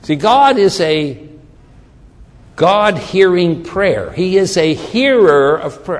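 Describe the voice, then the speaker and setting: Male preacher, fairly high voice, slow deliberate sermon, dramatic readings, booming hall echo. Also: expressive. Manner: slow, emphatic delivery with dramatic scripture readings. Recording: long hall reverb.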